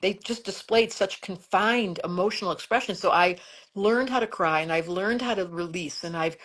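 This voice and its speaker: A woman's voice: medium pitch, a bit bright. A middle-aged woman astrologer chatting emphatically and rambling a little on a live stream.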